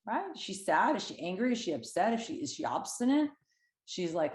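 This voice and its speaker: Woman coach, animated conversational delivery, checks in with listeners constantly, roomy echo on the voice. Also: a little high, fairly quick. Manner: lively, conversational, frequent "right?" check-ins. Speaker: weight-loss coach. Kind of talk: coaching talk to camera.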